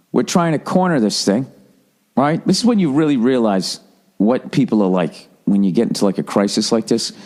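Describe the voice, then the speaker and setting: A man's voice: mid-range voice, a little mellow. A middle-aged American man hosting a podcast, ranting comically with heavy swearing and frequent restarts. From United States. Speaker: podcast host. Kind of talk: comedic podcast rant.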